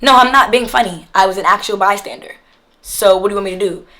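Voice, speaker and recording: A woman vlogger telling a story in casual chat, slangy and animated, acting out what others said. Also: mid-range voice, fast, noisy background.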